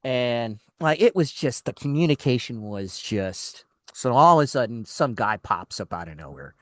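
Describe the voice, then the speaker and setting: A man's voice: medium pitch, sing-song, unhurried, fairly bright tone, no echo. An exasperated man co-hosts a radio talk show from a studio microphone, spinning a story and jumping into the voices of the people in it. His voice sits in a middling range and sounds close and dry, with no room around it. He trips over his words and restarts as he goes. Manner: exasperated storyteller acting out dialogue, frequent restarts. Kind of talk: casual chat, storytelling.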